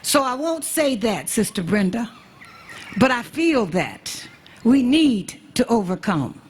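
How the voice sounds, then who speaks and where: A woman from the United States who serves as an ambassador, giving an emotional memorial speech at a slow, measured pace and repeating key phrases for emphasis. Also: fairly high pitch, big pitch swings, slight background noise.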